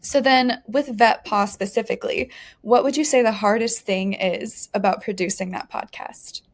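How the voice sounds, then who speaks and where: A woman's voice: mid-range voice, steady tone, normal speed. A woman co-hosting a podcast asks questions and praises her guest enthusiastically. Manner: enthusiastic and effusive. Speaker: podcast co-host.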